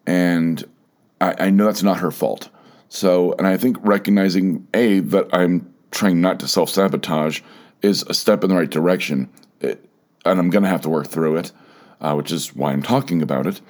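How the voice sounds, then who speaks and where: A man with a very low voice hosts a solo podcast, speaking haltingly and often starting over or repeating himself. He sounds emotional and close to tears as he thinks aloud. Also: darkish tone. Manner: halting, repeats words, fillers, openly emotional. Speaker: podcast host.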